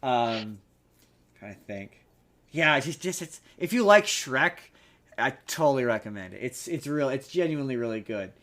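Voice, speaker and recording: A man in the middle of a loose podcast conversation, voice sitting at an ordinary pitch. He rambles along, restarting his sentences and filling the gaps with ums as he goes. Easygoing and unscripted. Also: expressive, normal speed, a bit bright. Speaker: podcast co-host. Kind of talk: casual chat.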